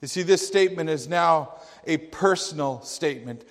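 A man preaching a sermon, slow and emphatic, with dramatic quotations. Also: fairly high pitch. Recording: long hall reverb.

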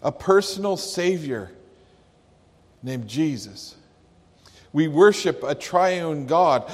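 A pastor preaching a sermon, slow and emphatic, leaning hard on key words. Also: male voice, fairly high pitch, expressive, a little mellow. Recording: long hall reverb.

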